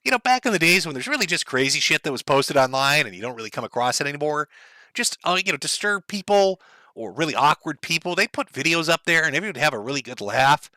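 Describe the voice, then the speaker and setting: A man reacting to a clip with sarcastic, mocking commentary. His pitch swings widely and his tone is bright and sharp. The voice sounds dry and close, with no room echo. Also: lively intonation, fast. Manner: sarcastic, mocking, breaks into laughter.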